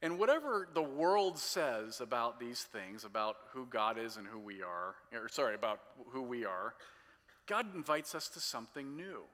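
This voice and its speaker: A man in his forties delivering a sermon in a relaxed, self-deprecating storytelling way. His voice is bright and forward, and it rings out with a long reverb, as if in a large hall. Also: medium pitch, moderate pace. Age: 40s. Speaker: pastor.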